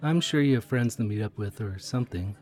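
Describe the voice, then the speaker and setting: An actor playing a friendly, chatty train conductor in an audio drama role-play, curious and easily excited. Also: male voice, lowish voice, fairly quick.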